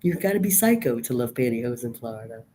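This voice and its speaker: A woman's voice: a bass voice, lively intonation, fast, warm tone, a little hiss or hum. A woman in her fifties, depressed and weary, talking in a profane, rambling, bleak monologue to her camera. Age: 50s. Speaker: vlogger.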